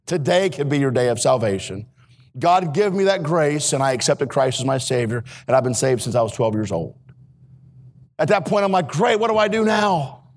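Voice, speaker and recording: A man preaching a sermon in a church as a missionary, earnest and swinging between hushed and emphatic delivery. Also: medium pitch, animated, moderate pace. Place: church sanctuary.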